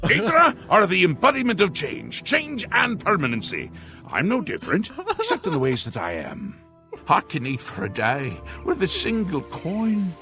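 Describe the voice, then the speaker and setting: A man's voice: high-pitched, huge pitch swings, normal speed, bright, forceful tone, heavily acted. An actor voicing male fantasy video game characters, delivering lines in a stilted, theatrical way. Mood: musing. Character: assorted fantasy game townsfolk and guards, male. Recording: game audio clip played over music.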